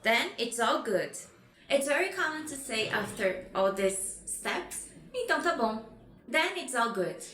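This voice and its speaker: High bright Brazilian teacher, echoey room. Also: female voice, expressive. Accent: Brazilian Portuguese. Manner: slows down to spell out phrases and repeats them. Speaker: Portuguese teacher. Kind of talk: bright lesson presentation.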